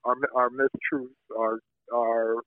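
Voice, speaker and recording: A man with a level, mid-range voice speaks slowly as a journalist guest in a conversational interview by phone. The line sounds tinny, without room sound, and he earnestly develops his arguments through pointed examples.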